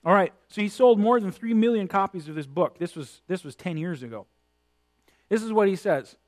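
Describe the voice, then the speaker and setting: A man's voice: high voice, animated, normal speed. A man preaching a sermon, speaking critically and building to emphatic points.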